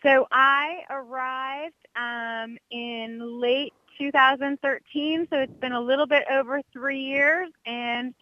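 Biologist woman guest, higher voice, earnest and measured, dull dry lo-fi line. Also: steady tone, no echo. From Connecticut. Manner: earnest, measured, some restarts. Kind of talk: interview answers.

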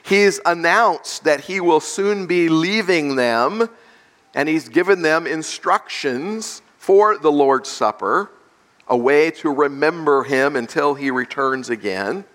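A male pastor preaching a sermon, slow and deliberate, stressing key words through repetition. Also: a little high, lively intonation, a bit bright.

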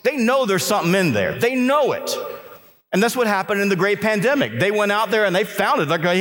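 A man giving an energetic motivational speech to a live audience in a conference hall, telling stories and urging listeners to work hard. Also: high voice, fairly quick. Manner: energetic storytelling with repeated restarts and emphatic exhortations. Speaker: motivational keynote speaker.

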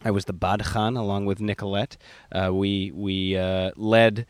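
A man's voice: on the low side, flat delivery, measured pace, smooth, dry recording. A man hosting a casual interview in an artist studio, earnest and affectionate. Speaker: podcast host.

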